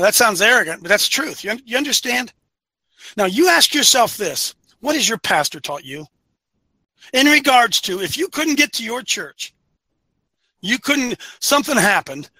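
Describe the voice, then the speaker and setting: Emphatic high-voiced man preaching. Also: no echo, poor audio. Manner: emphatic, repeats phrases, swings from quiet to loud. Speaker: host of a men's ministry call-in show. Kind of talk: preaching-style monologue to listeners.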